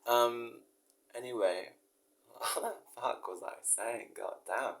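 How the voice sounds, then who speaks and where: A man's voice: medium pitch, slow pace, a bit bright. A man, a professor and musician, rambling casually and reading his own story aloud, self-mocking, swearing freely and laughing at himself.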